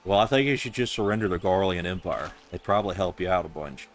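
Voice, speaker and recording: Male streamer with a Southern US accent, low register, sarcastic and casual. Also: lively intonation, fast, hardly any pauses, slight background noise. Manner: sarcastic, offhand, profane. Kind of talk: reading game dialogue aloud with commentary.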